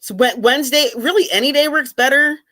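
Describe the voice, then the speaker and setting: A middle-aged woman hosting a casual video chat with fans, talking in an animated way with many restarts. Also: high voice, brisk. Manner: chatty, animated, frequent restarts. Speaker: host of fan discussion chat.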